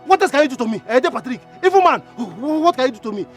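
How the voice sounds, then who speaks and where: An actor with a Nigerian accent playing a poor, hot-tempered younger brother who stammers and repeats himself, in a film drama. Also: male voice, extremely high pitch, sing-song, very fast, soft background music. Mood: angry ranting. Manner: stammering, repeats words, challenging.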